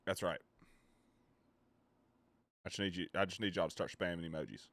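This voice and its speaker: A man's voice: low-pitched, normal speed, a bit bright, dry recording. A man chatting casually with his viewers on a live stream, joking, rambling and swearing freely.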